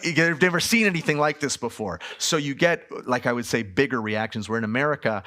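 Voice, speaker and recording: Guy in his 30s doing a festival q&a, super animated, laughs a lot, acts out people. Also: mid-range voice, a little fast. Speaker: film director guest. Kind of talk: festival Q&A talk.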